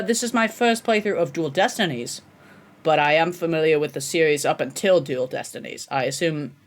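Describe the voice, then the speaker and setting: A woman streamer chatting casually over a game, with laughing asides to her chat. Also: fairly low pitch. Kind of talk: casual gameplay commentary.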